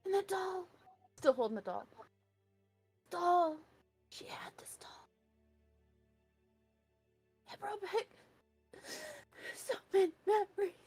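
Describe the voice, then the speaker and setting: Weepy old doctor, wailing, very high, swooping, dry close sound. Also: male voice, very animated, measured pace, pauses often, dry recording, soft background music, full character voice. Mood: grieving. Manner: wailing, sobbing, theatrical grief. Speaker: player.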